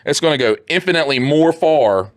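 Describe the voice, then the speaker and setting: A man co-hosting a podcast in casual chat, telling animated stories, acting out the people in them, and laughing along. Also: a little high, fairly quick, no room sound, studio quality. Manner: animated storytelling with quoted voices and laughs. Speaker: podcast co-host.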